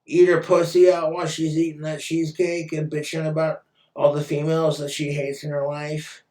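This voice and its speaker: A man rants into the camera, blunt and crude, swearing freely. His voice sits a little high for a man. It echoes around the room and sounds set back from the mic. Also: level tone, moderate pace, a little mellow. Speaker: vlogger. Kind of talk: profane casual rant. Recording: roomy echo, far from mic.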